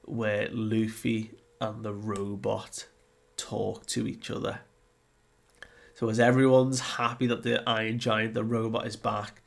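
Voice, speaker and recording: A laid-back man talks through a comic chapter slowly and deliberately, his voice carrying a gravelly, creaky texture. He laughs often and slips into playful acted-out scenes while keeping a relaxed, conversational flow. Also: mid-range voice. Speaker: comic review host. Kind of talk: casual comic book review.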